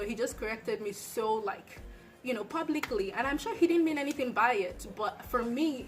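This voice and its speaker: A young woman who migrated to the United States from abroad vlogs casual advice to the camera, chatting and telling stories with lots of filler words. Her voice is fairly high and a bit bright, with slight background noise.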